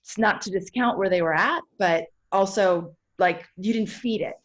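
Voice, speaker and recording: Woman podcast host, thoughtful and supportive, mid-pitched, thinks out loud. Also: normal speed. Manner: reflective, affirming, searching for words. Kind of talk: podcast conversation.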